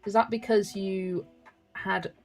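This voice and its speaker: A young woman, chatting casually and excitably while colouring and answering comments, with music playing softly behind her. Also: medium pitch, takes it slowly, poor audio. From England. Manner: chatty, excitable, laughs often. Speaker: colouring livestreamer.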